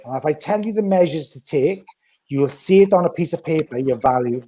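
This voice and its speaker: Blunt man, mellow voice. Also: on the high side, fairly quick. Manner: blunt, animated, acts out quoted voices. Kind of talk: casual podcast chat.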